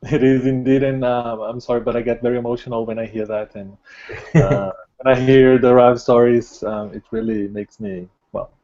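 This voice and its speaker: A man hosting a live question-and-answer session, speaking hesitantly with many pauses and ums. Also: medium pitch, fairly even intonation, dark tone. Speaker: host. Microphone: video call. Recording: dull video-call audio.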